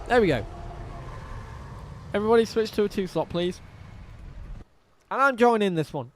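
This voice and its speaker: A man hosting a live game stream in a loose, chatty voice that swings up and down a lot. His pitch sits a little high, with a faint hiss behind him. He answers viewers as he plays and swears freely. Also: lively intonation, normal speed, long pauses. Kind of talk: casual live-stream chat.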